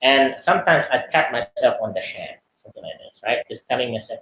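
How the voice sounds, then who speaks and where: A man's voice: medium pitch, sing-song, a little fast, dull audio. Chatty man lecturing in an echoey room. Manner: chatty, many fillers and "right?" tags. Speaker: webinar speaker. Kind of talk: casual lecture answering questions.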